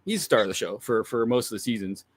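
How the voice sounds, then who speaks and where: A man from the United States, a guest in a casual livestream chat, talking in halting bursts and calling the host man and dude. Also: on the low side, animated, no echo. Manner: halting, many restarts and fillers, says man and dude.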